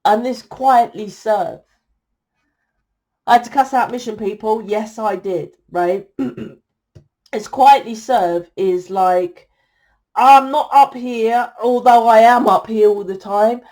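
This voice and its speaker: A woman's voice: medium pitch, slow, dark tone. Blunt, scolding woman tarot reader. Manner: blunt, exasperated and scolding, swears freely. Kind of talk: tarot reading monologue to viewers.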